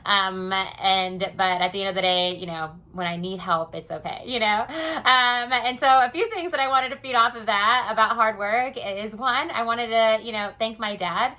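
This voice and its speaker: A woman's voice: a little high, normal speed, pushed and bright. A young American woman talking casually in a personal diary vlog, rambling with many "you know" and "um" fillers. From United States. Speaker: vlogger.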